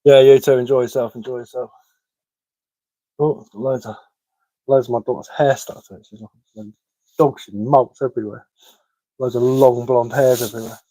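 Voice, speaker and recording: A man's voice: mid-range voice, fairly even intonation, normal speed, dark tone, dry recording. Jokey man, dry close sound. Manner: chuckles at his own dad jokes. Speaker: bushcraft live-streamer. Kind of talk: casual live-stream chat telling jokes. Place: living room at home.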